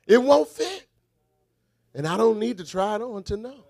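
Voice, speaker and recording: High-voiced man preaching a sermon. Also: vocal fry, dry recording. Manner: rhythmic call-and-response preaching, swings from shouted refrains to quiet asides.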